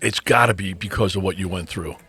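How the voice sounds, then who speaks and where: A man's voice: deep voice, brisk, bright, forceful tone, husky. A middle-aged man co-hosting a podcast in casual chat, rambling with restarts and frequent ums. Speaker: podcast co-host. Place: podcast studio.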